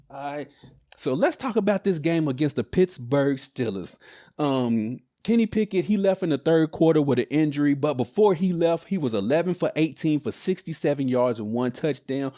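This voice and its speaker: A man with a somewhat high voice hosts his own sports podcast, talking straight to camera. He rants in an animated, exasperated way, full of slang and rhetorical questions. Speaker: podcast host. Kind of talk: casual sports podcast rant. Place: home, recording a podcast on camera.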